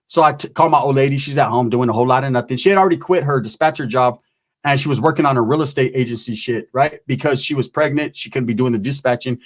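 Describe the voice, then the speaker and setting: A man telling a comic story, animated and profane, acting out every character himself. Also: medium pitch, fast. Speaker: comedian. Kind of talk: comedic storytelling.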